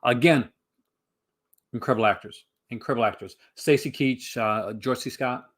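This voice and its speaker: Guy rambling on his stream, lots of uhs and likes, mid pitch. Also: normal speed, a bit bright. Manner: rambling, many fillers and restarts. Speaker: livestream host. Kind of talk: casual chat answering a live chat.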